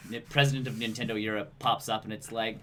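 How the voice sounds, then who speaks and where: A man's voice: on the low side, fairly even intonation, fast, a loud crowd. A man co-hosting a casual gaming podcast, telling stories and mimicking voices for laughs. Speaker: podcast co-host.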